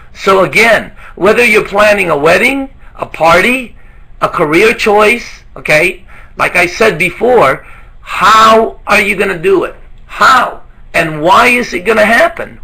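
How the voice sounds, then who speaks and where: A man's voice: sits high, vocal fry, pushed and bright, slightly rough, rough recording. A man giving an emphatic motivational sales training talk, firing off rhetorical questions.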